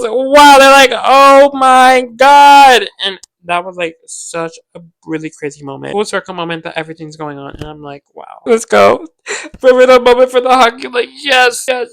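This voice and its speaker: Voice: mid-range voice, creaky, no room sound, low-quality recording. Gushing young podcast host, dry sound. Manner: gushing, excitable, heavy filler use. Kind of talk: casual show recap to viewers.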